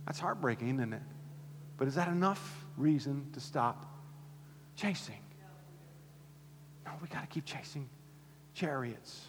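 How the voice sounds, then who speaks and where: A pastor preaching a sermon to his church, swinging from fervent high calls to low, quiet points. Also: animated, unhurried, long pauses, slight background noise. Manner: impassioned, rising to near-shouts then dropping low. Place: church sanctuary. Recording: long hall reverb.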